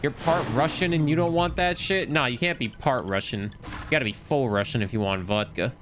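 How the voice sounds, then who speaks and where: A young man chatting casually while streaming a game, telling stories with big rises in his voice when excited. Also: a little fast, music in the background. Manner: animated storytelling, swings high when excited. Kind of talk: casual gameplay commentary.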